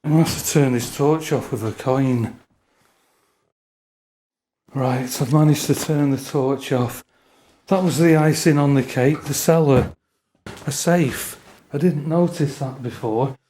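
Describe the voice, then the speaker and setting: Breathless man, slow commentary. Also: mid-range voice, dark tone, slight background noise. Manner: muttering to himself, wry asides. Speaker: urban explorer vlogger. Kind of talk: casual running commentary while exploring. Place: derelict building with cellar and broken glass. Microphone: handheld camera mic while holding a torch.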